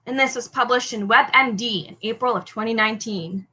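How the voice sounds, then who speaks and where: Young female quiz host, high and bright, upbeat headline reader who jokes through her slips. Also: normal speed, hardly any pauses, poor audio. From Canada. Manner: upbeat, apologetic over slips, lightly joking. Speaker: trivia host. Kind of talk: reading quiz headlines aloud.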